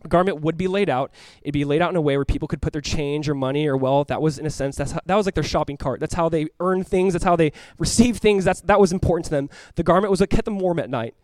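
Male pastor, high-ish voice, rapid animated sermon delivery, plays out the characters' lines, dry close-miked sound. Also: no echo. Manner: animated, acts out voices of the crowd and the blind man; swings from loud cries to hushed earnest tones.

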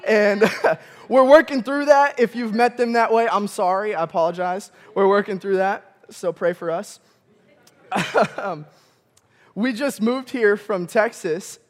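A young male campus pastor from Michigan, preaching a sermon with animated storytelling, often chuckling and calling out to the congregation. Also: sits high, measured pace. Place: church auditorium.

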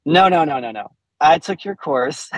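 A man's voice: on the high side, expressive, normal speed, dry recording, poor audio. A man in his forties, a podcast guest, candidly telling a personal story with frequent laughs and restarts.

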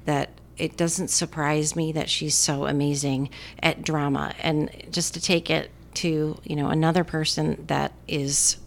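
Low-voiced chatty woman co-host. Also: little pitch movement, a little slow, gravelly, a little hiss or hum. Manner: chatty, filler-heavy, enthusiastic. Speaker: movie talk co-host. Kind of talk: casual chat about movies.

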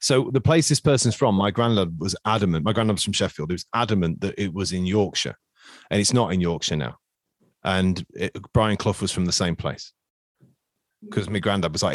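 A man's voice: sits low, a little fast, dry recording. Chatty man hosting a quiz, dry sound. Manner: chatty, teasing, rambling. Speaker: quiz host. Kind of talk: casual podcast quiz hosting.

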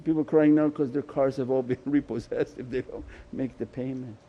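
A man giving a Sufi sermon as shaykh, impassioned and pleading, his voice swelling loud and then dropping low. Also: fairly even intonation, normal speed, lo-fi sound.

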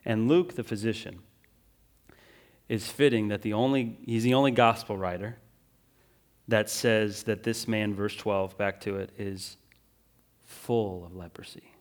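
A male pastor preaching a sermon, moving between urgent emphasis and quiet, drawn-out phrases, often checking in with listeners. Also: lowish voice, steady tone. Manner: swings from loud and urgent to hushed and slow, with frequent "right?" asides.

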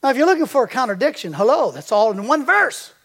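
A man's voice: very high voice, big pitch swings, quick pace, a bit bright. An older man preaching a sermon as a pastor. He tells stories and quizzes the congregation with fill-in-the-blank questions.

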